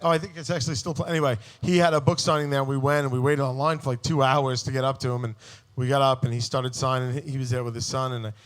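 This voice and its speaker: A man in his forties telling a long crude, funny story as a guest on a live podcast, abrasive and prone to loud outbursts. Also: medium pitch, little pitch movement, fast, clear, resonant tone. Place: live show on a cruise ship.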